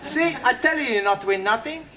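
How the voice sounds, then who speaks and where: A man's voice: very high voice, expressive, normal speed, bright, forceful tone. A man with an Italian accent in a sitcom, cheerful and speaking in broken English. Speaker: sitcom character, Italian student. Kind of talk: sitcom acting. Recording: noisy old TV sitcom audio.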